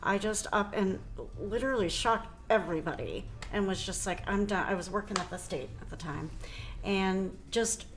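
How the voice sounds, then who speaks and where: Woman, middle-aged, podcast guest, earnest, casual chat, middle pitch, faint background noise. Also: moderate pace. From Ohio, USA. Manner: earnest, talks over her sister. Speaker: guest musician.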